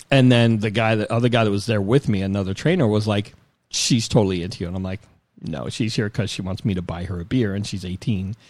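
Low-voiced man telling a rambling story. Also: a little mellow, no room sound. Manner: rambling, self-mocking, quick asides. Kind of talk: casual chat, comic storytelling.

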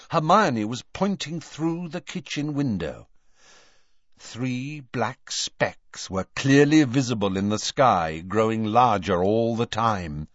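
A man reading an audiobook aloud in an expressive storytelling manner. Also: medium pitch, takes it slowly, no room sound, lo-fi sound. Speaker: audiobook narrator. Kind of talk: scripted narration.

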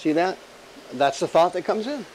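A male pastor preaching an animated, emphatic sermon full of rhetorical questions and jokes. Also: high voice, normal speed, slight background noise, poor audio.

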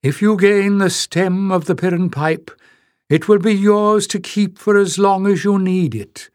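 A man's voice: high voice, measured pace, a little mellow, no room sound, clean studio sound, pitched above the performer's own voice. A man doing an ancient, scheming male piper. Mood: urging. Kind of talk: audiobook character voice.

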